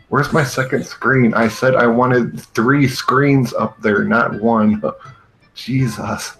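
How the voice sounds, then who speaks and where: A man's voice: mid-range voice, a bit bright, rough recording. A man hosting a comedy show, ranting sarcastically and with exasperation. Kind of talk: comedic rant over a game show stream.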